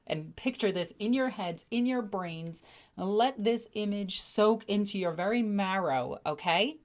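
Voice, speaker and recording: On a home livestream, a woman with a slightly low voice talks to her viewers, telling stories with excitable, animated energy and sometimes acting out the people in them. Her casual chat is loose and conversational, coming in quick bursts.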